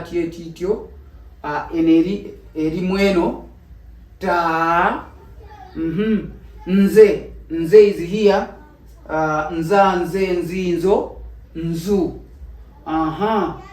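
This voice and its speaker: Slow, patient Ugandan-accented language teacher. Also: medium pitch. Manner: patient, repeats each phrase several times. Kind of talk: slow spoken language lesson. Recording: echoey room, mic at a distance.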